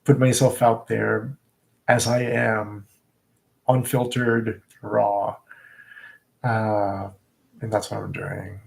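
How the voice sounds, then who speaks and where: A man with a gravelly, creaky voice talks slowly in a casual live vlog. He reflects as he goes, stumbling and restarting his sentences. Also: lowish voice, level tone. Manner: halting and reflective, with frequent restarts. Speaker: vlogger.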